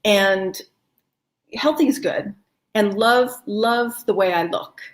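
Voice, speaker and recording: A woman with a mid-pitched voice guides a live online wellness class. She speaks in a warm, encouraging, chatty way and laughs easily. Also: slow pace. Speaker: wellness teacher. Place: home, no kids in the house.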